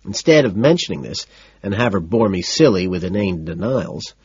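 A man reading a first-person audiobook in a deadpan, matter-of-fact way. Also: deep voice, moderate pace, breathy edge, dry recording. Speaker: audiobook narrator. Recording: dull lo-fi recording.

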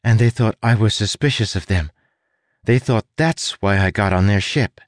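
A man's voice: fairly low pitch, moderate pace, no echo, clean studio sound, pitched above the performer's own voice, close to an everyday voice. A man voicing a young woman prisoner in an audiobook, earnest and insistent.

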